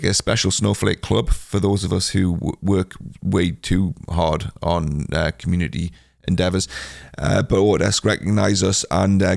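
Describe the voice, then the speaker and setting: A man's voice: deep voice, vocal fry, no room sound, clean studio sound. A man hosting a solo podcast, chatting casually in a rambling, self-deprecating way with lots of filler sounds. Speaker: podcast host.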